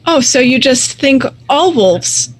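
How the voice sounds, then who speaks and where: A woman's voice: high voice, animated, slow pace, voice pushed up, heavily acted, low-quality recording. A woman voicing a defensive female werewolf villager who answers sarcastically and indignantly.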